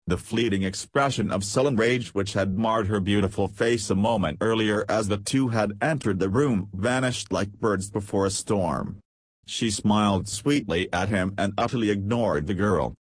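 Male audiobook narrator, low and husky, steady delivery. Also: unhurried, dry recording. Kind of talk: scripted narration.

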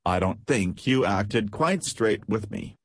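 Storybook army officer, late twenties, grave and sober, low husky voice, dry sound, read by a man. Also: lively intonation, slow pace, no room sound, full character voice. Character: stern, fair-minded young army officer.

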